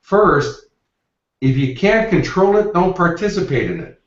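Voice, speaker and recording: A man's voice: sits high, lively intonation, measured pace, pitched above the performer's own voice. A man voicing a spry, blunt woman in her nineties who gives matter-of-fact advice. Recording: roomy, distant, dull lo-fi.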